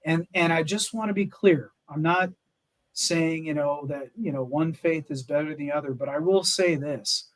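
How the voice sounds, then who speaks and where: A man's voice: fairly high pitch, moderate pace, poor audio. A middle-aged American man, a military veteran, telling his story in an earnest, emphatic interview with many fillers and restarts. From United States. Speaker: podcast guest, Army Ranger veteran. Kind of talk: candid interview talk.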